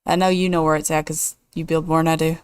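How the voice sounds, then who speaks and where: A woman's voice: sits low, flat delivery, quick pace, smooth, dry recording. A woman hosting a casual let's play, thinking aloud and weighing choices as she builds. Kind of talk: casual gameplay commentary.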